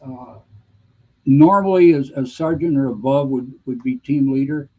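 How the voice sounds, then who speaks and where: A man in his seventies, a guest veteran, answering interview questions in a halting, measured way with frequent pauses. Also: medium pitch, a little mellow, slightly rough, low-quality recording. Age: 70s. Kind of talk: conversational interview reminiscing.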